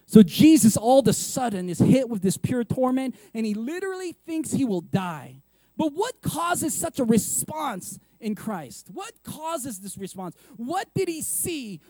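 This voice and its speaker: A man preaching a sermon, repeating words for emphasis and firing off rhetorical questions, going from loud and punchy to hushed. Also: high voice, no room sound. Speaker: pastor.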